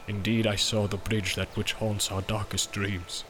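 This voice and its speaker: A man reading an audiobook, voicing a gruff, brooding male dwarf who speaks in a low voice. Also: little pitch movement, a little slow, fairly bright tone, a little hiss or hum. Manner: low, subdued.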